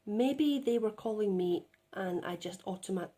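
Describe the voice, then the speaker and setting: Woman rambling through a spiritual story, soft warm tone, keeps saying right?. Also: medium pitch, lively intonation, unhurried, a little hiss or hum. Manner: chatty, with frequent "right?" tag questions. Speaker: spiritual channeler. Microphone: phone.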